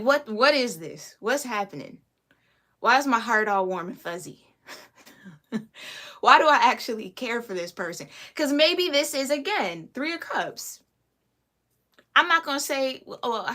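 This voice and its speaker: Bright-voiced chatty woman tarot reader. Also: medium pitch. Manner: chatty, laughs often, slangy. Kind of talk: casual tarot reading podcast.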